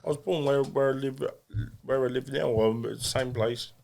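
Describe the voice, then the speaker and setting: A man's voice: mid-range voice, fairly even intonation, normal speed, vocal fry, darkish tone. An English man, a boxer and podcast guest, talking bluntly and self-deprecatingly with many restarts. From England. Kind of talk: casual podcast interview.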